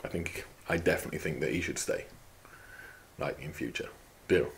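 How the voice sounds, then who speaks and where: A man's voice: a bass voice, normal speed, creaky, a little hiss or hum. A young man hosting a fitness channel, cracking crude jokes and swearing through a casual product review. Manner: crude, joking, heavy swearing.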